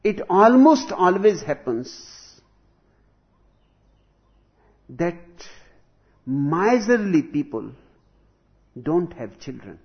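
A man giving a spiritual discourse, speaking slowly and deliberately with emphatic stresses. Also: high-pitched, sing-song. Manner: slow, deliberate, emphatic delivery with long pauses. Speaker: spiritual teacher. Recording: dull lo-fi recording.

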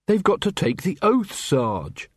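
A man's voice: sits high, huge pitch swings, measured pace, breathy edge, no echo, studio quality, voice pushed up, exaggerated voice. A man voicing an earnest, dutiful young corporal who speaks politely and eagerly.

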